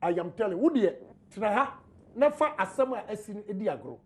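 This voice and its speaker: A man with a Ghanaian accent arguing forcefully in a heated political panel debate, switching between English and Twi. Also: sits high, big pitch swings, fairly quick.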